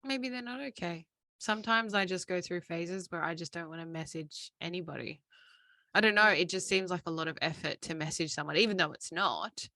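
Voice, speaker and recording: A woman co-hosting a podcast, telling stories and giving calm advice in a casual, easygoing way. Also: fairly low pitch, fairly quick, dry recording, studio quality. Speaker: podcast co-host. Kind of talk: casual chat.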